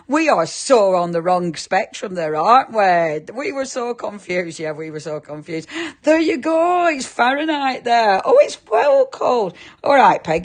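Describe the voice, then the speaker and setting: A woman presenting a live craft shopping show, chatting and giggling as she reads viewer comments. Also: a little high.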